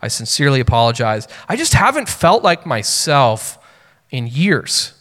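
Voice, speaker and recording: A man's voice: mid-range voice, sing-song, normal speed, a bit bright. A man in his thirties preaching a sermon as a pastor, speaking earnestly and personally in a conversational way with many fillers. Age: 30s. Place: church sanctuary. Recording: long hall reverb.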